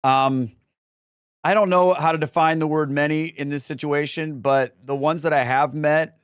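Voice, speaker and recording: A man's voice: on the high side, steady tone, normal speed, clear, resonant tone, no echo, studio quality. A middle-aged man answering questions in a casual Q&A, rambling with frequent restarts and fillers. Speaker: guest, Catholic speaker and former pastor.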